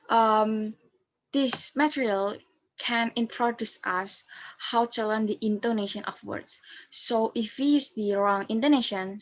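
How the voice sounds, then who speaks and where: A young woman from Indonesia, not an English speaker, giving a recorded class presentation and often pausing on fillers and correcting herself. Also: mid-range voice. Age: young adult. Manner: hesitant, with frequent fillers and self-corrections. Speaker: student presenter.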